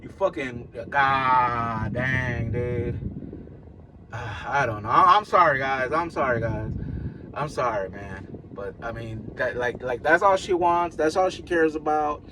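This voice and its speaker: A man in his thirties venting in a personal vlog, halting and repeating himself as he talks. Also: medium pitch. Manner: halting, repetitive, venting and apologetic. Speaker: vlogger. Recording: noisy background hum.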